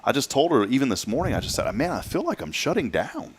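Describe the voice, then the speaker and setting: A man's voice: mid-range voice, wildly swooping pitch, fast talker, slight background noise. A man hosting a morning talk show, rambling and often restarting his sentences. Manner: rambling, self-interrupting, chatty. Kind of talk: casual chat.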